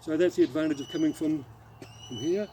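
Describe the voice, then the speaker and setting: A middle-aged Australian man telling a rambling anecdote as a martial arts instructor, halting and restarting as he demonstrates the moves. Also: fairly high pitch, dark tone, slight background noise, low-quality recording. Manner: rambling, halting storyteller who demonstrates moves while talking. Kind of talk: casual spoken anecdote with demonstration.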